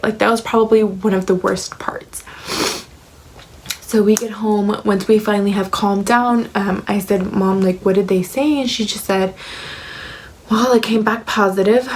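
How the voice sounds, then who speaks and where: Young woman vlogging a life update, lots of likes and ums, mid pitch, emotional. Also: rough recording. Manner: emotional, heavy filler words like "like" and "um".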